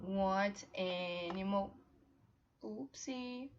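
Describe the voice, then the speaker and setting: A young woman teaching English to small children in slow, encouraging, sing-song questions, recorded on a laptop mic. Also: mid-range voice, slight background noise. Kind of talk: children's online class with songs. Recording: slightly dull lo-fi home recording.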